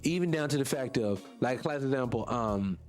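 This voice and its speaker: A man's voice: mid-range voice, expressive, normal speed, soft background music. A man, hosting a casual morning livestream, rambling and impassioned, answering chat comments and losing his train of thought. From small town in North Carolina. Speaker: morning show host.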